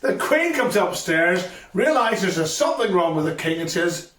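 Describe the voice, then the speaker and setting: A man with a fairly high voice retells a Bible story to a school assembly, driving points home by repeating them. He stands far from the mic in a roomy, echoing hall. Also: very animated, moderate pace, a bit bright. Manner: storytelling, emphatic repetition. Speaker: youth ministry speaker.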